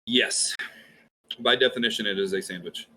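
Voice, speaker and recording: A man's voice: on the low side, moderate pace, very noisy. A man from Georgia with a light Southern accent, chatting as a guest and enunciating his words carefully. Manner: storytelling, precise enunciation. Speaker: podcast guest. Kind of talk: casual chat.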